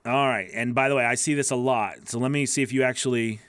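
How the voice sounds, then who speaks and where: A man's voice: mid-range voice, steady tone, quick pace. A man coaching voice-over artists, reviewing their work live in a chatty, encouraging way with lots of fillers.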